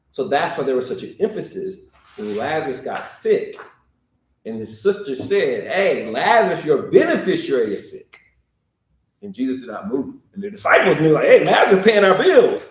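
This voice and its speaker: Male preacher, mid-pitched, very lively delivery, casual "y'all" storytelling, echoey room. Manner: animated, acts out quotes with jumps in pitch and chuckles; colloquial, uses "y'all". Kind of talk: informal sermon retelling scripture.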